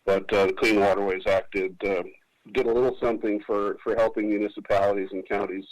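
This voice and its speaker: Low male interview guest on radio, rambling, lots of fillers. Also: steady tone, fairly quick, rough recording. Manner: rambling, many restarts and fillers. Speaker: political candidate. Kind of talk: casual interview answer. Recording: radio broadcast.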